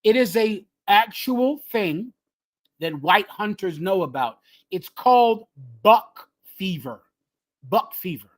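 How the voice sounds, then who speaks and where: A man's voice: high-pitched, animated, slow pace. Fiery man preaching with repeated phrases. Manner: emphatic, repeats phrases, swings from loud to hushed. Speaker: group leader teaching scripture. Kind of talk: fiery street-style preaching.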